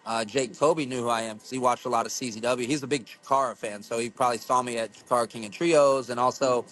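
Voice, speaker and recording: A man from the United States, a guest on a casual podcast interview, telling wild stories with plenty of swearing. His voice sits at an everyday middle pitch, and he acts out quotes as he goes. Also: quick pace, rough recording. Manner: profane, excitable storytelling with acted-out quotes. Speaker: podcast guest, pro wrestler.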